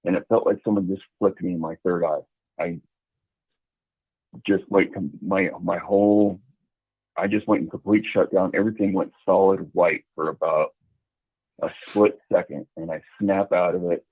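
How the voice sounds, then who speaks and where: Man, rambling storyteller, lower gravelly voice, phone-line quality. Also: steady tone, normal speed, dry recording. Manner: rambling, hesitant, with many restarts. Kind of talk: casual storytelling.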